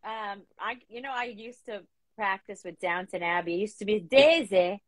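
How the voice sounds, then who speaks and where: A woman's voice: mid-range voice, moderate pace, no echo. Upbeat chatty woman hosting. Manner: lively, upbeat, chatty with many fillers. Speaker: talk show host. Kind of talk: casual interview chat. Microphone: video call.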